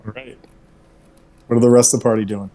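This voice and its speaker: A man's voice: medium pitch, little pitch movement, fairly quick, dark tone. A man acting as game master for an online tabletop game, talking in an easygoing way with lots of fillers and self-corrections.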